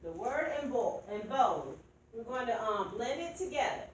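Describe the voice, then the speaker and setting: Woman teacher, patient and prompting, slightly high voice, distant mic with lots of room echo. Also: big pitch swings, moderate pace, a little hiss or hum. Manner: patient, prompting students by name. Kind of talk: classroom phonics lesson. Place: classroom.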